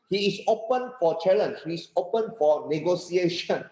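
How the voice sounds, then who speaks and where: A man with a Malaysian English accent giving a workshop lecture as a trainer, animated, laughing often and checking in with the audience. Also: high-pitched, normal speed, few pauses, echoey room, poor audio. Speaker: corporate trainer.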